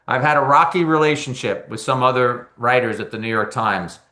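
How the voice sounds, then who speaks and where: A blunt, commanding older team boss barks short orders in a bright, forceful voice, as a man recounts him. He talks briskly and insistently, pitched well above ordinary speech. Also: natural voice. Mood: stern.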